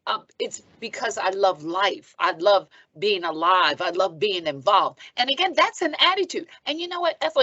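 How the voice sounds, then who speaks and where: Seventies woman, reverend guest; emphatic, high, tight dry slightly muffled read. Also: no echo. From Philadelphia, US. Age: 70s. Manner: animated, emphatic, preacherly, punctuates with "okay?". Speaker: guest, reverend and foundation president. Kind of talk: conversational podcast interview.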